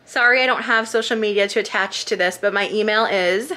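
A woman's voice: medium pitch, fairly quick, bright, forceful tone, slight background noise. A woman vlogger chatting casually and reading holiday cards aloud, gushing and emotional.

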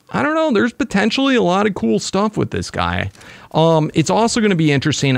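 A young man chatting casually to viewers while playing a video game, excitable and talkative. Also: medium pitch, creaky, no echo. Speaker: gaming YouTuber. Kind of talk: casual gameplay commentary.

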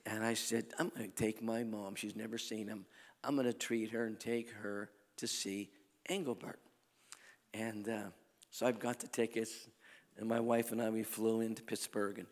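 An older man preaching at a crusade, telling folksy stories in a sermon that swings from soft talk to loud exhortation. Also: mid-range voice. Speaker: evangelist preacher. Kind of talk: sermon with storytelling. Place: large church or arena at a crusade. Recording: long hall reverb.

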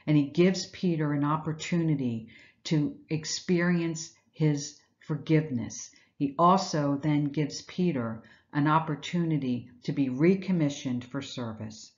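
A woman's voice: deep voice, a little mellow, dull audio. A woman giving an earnest, reflective Easter devotional message, retelling scripture and asking rhetorical questions. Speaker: Bible teacher.

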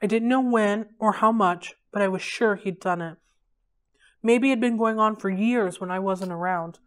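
A woman reading a novel aloud for a library read-along, in a steady, clear storytelling manner. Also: medium pitch, moderate pace.

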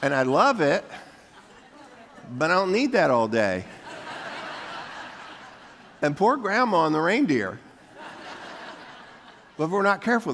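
Gravelly older pastor preaching. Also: male voice, on the high side, very animated, a little slow, pauses often, fairly bright tone, slight background noise. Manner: folksy, preachy, coaxes the congregation to repeat lines. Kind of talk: sermon. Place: church sanctuary. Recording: long hall reverb from a church sanctuary.

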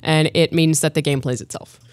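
A woman on a gaming podcast panel, making quick dry quips. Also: low voice, fairly even intonation, no room sound. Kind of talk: casual gaming podcast chat.

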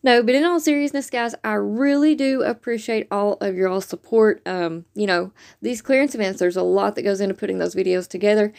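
A woman hosting a couponing video, chatty and upbeat, her voice a little raspy from losing it, saying y'all a lot. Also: medium pitch, fairly even intonation, fairly quick, hardly any pauses, a little mellow. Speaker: couponing channel host. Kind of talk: casual video chat to viewers.

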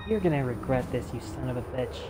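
A woman doing let's play commentary, frustrated, cursing and shouting at the game. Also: a bass voice, animated, fast talker, loud music behind the voice. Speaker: gamer. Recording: noisy background ambience.

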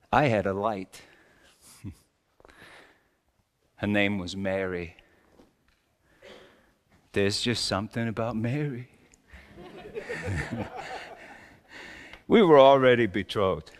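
A man, a pastor, speaks as a wry, exasperated Joseph the carpenter in a first-person sermon monologue that jokes at his own expense, swinging emphatically. His voice is fairly low and animated but extremely slow with frequent pauses, carried by the long reverb of a church sanctuary.

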